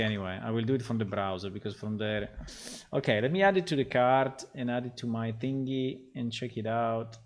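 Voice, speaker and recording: A man casually talking through his game development work on a livestream, rambling and muttering to himself as he goes. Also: mid-range voice. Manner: rambling, talks to himself, gets frustrated and swears.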